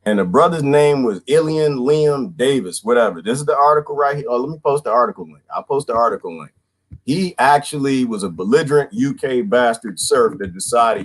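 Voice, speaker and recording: A man in his twenties rants casually to his livestream viewers, talking in slang and laughing often. His pitch swings widely and lively from line to line, sitting at a middle register. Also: fairly quick. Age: 20s. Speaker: vlogger.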